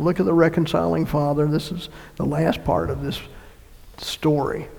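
A man preaching a sermon as pastor of his church, swinging between loud emphatic swells and quiet hushed passages. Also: fairly high pitch, lively intonation, moderate pace, vocal fry. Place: church sanctuary. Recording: long church reverb.

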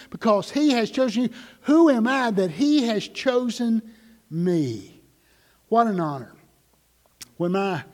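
A middle-aged man, a pastor, preaching a sermon with earnest emphasis, swelling to forceful peaks and stretching key words. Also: sits high. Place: church sanctuary. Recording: long reverb of a church hall.

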